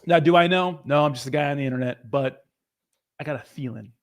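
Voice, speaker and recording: A man's voice: on the high side, a little fast. A young man hosting a crypto livestream who reads out viewer comments in casual, rambling, profane chat.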